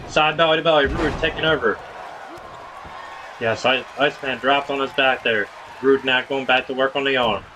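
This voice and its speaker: A man's voice: medium pitch, fairly even intonation, normal speed, background noise. A man streaming a wrestling video game, calling the action play-by-play with casual slang. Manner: casual, hypes viewers with slang.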